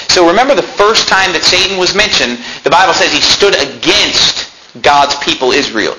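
A man's voice: fairly high pitch, bright, forceful tone, slight background noise, poor audio. A man preaching a sermon in a church, reading scripture aloud and telling his listeners which words to underline. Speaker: pastor.

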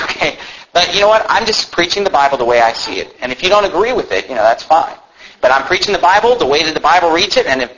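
In a muffled, lo-fi recording, a man with a fairly high, slightly bright voice preaches a sermon. He tells a story earnestly and conversationally, frequently restarting and tossing in asides.

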